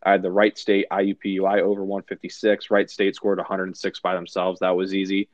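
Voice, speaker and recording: Low-voiced man with a dull podcast mic. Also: monotone, a little fast, dry recording. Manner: chatty, rambling betting recap with self-mocking luck talk. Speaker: sports betting podcast co-host. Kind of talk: casual podcast chat.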